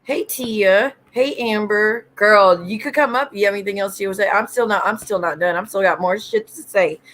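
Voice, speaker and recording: A woman's voice: medium pitch, moderate pace, a bit bright, a little hiss or hum. A woman hosting a casual livestream, greeting viewers by name and ranting bluntly with lots of swearing. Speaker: livestream host.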